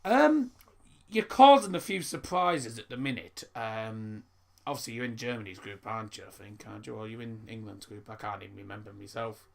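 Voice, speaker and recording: A man's voice: fairly low pitch, fairly quick, vocal fry. A young man, hosting a casual live football stream and rambling through stories and viewer messages with lots of restarts. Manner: rambling, stumbles and repeats words.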